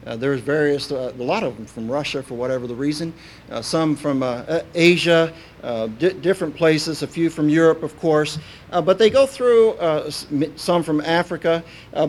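A man delivers a sermon in a folksy, storytelling manner, often pausing on "uh." His voice sits somewhat high for a man. A faint low rumble runs under the recording. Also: darkish tone. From Kentucky, USA. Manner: folksy and anecdotal, with frequent "uh" fillers. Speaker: preacher.

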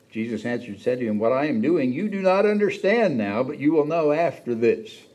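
A man's voice: mid-range voice, animated, moderate pace, a little mellow. A man preaching a sermon in a conversational way, acting out the quoted lines with a raised voice. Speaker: pastor.

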